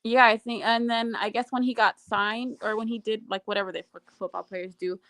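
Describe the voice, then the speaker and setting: A woman's voice: fairly high pitch, steady tone, a little fast, fairly bright tone, no room sound. A woman chatting casually on a late-night show, blunt and gossipy with plenty of swearing.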